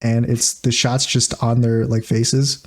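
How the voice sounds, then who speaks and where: A man's voice: medium pitch, level tone, a little slow. A man co-hosting a podcast, rambling through recaps in casual chat, laughing often and filling gaps with "like" and "uh". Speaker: podcast co-host.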